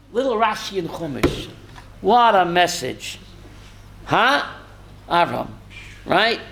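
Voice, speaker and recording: A man's voice: sits high, gravelly, a bit bright, a little hiss or hum. A man, a rabbi, teaching a Torah class who quizzes his listeners by name and tells stories with feeling. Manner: emotional storytelling, mixes in Yiddish and Hebrew words.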